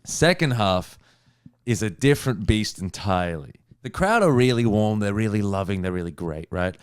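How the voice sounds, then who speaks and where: A young man, a stand-up comedian, telling a story in casual chat, animated and swearing freely. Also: fairly low pitch, normal speed, clean tone, no room sound, studio quality. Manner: animated, swears freely, acts out other people's lines.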